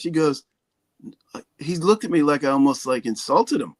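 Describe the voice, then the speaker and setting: A man's voice: a little high, animated. A man from the United States, hosting a livestream and chatting casually, joking and teasing his guest. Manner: joking, teasing questions, quick asides. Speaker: livestream host. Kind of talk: casual chat.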